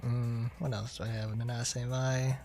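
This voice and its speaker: A man's voice: mid-range voice, level tone, unhurried, a little mellow, soft background music. Rambling male game streamer. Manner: rambling, chatty, laughs often. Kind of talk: casual gameplay commentary.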